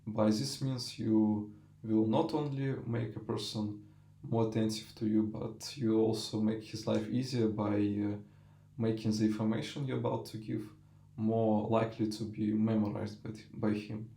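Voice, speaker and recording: Mellow-voiced young presenter, Russian accent. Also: male voice, lowish voice, level tone, measured pace, gravelly. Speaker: student presenter. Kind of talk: conference talk on public speaking. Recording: roomy sound.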